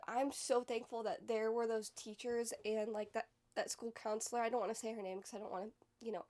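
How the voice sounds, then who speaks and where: Young woman, emotional rambling storyteller. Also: on the high side. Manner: rambling, emotional, heavy use of "like". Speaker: podcast host. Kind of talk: candid personal storytelling.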